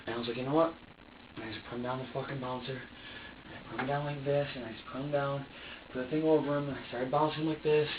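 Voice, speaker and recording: A man questioned as a suspect, talking in an agitated, halting way, full of restarts. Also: mid-range voice, flat delivery, a little hiss or hum. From upstate New York. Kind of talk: police interrogation statement. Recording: echoey room, distant mic, muffled.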